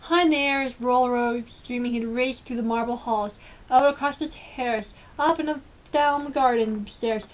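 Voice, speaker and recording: A woman reading a children's storybook aloud with lively, expressive storytelling. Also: a little high, moderate pace. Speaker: storybook reader.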